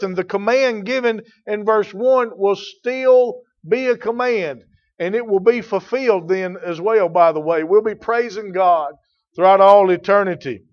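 High-voiced male preacher, emphatic. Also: muffled recording. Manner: emphatic preaching, rising from quiet explanation to loud declarations. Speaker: pastor. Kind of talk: sermon.

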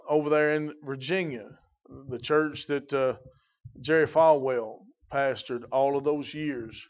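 A man preaches in a folksy, rambling way, full of fillers and asides. His voice sits at an ordinary middle pitch. The recording is dull and lo-fi. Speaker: pastor. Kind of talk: sermon.

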